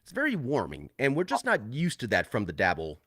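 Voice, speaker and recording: A man's voice: mid-range voice, huge pitch swings, fairly quick, fairly bright tone, slightly rough, no echo, studio quality. Giggly male co-host with a wildly swooping voice. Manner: giggly, swooping laughs, enthusiastic. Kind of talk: casual livestream chat.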